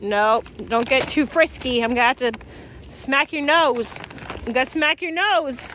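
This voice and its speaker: Young farm lady vlogging outside, bright high voice, sing-songy calling her cows. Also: measured pace, a little hiss or hum. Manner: chatty, calls cattle in a high sing-song voice. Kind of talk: casual chat while doing farm chores. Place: outdoors in a pasture.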